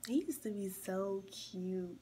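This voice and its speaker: A woman in her early twenties from Maryland, chatting casually while reacting to a music video, her voice a bit rough from being sick, sometimes dropping to a near whisper. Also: medium pitch, slow, mellow, slight background noise. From Maryland, USA. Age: early 20s.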